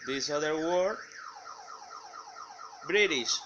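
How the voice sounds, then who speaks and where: Guy reading english word pairs, really slow, bright kinda sharp voice, spanish first language. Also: fairly high pitch, animated, lo-fi sound, slight background noise. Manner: reads word lists in measured steps. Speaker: student presenter.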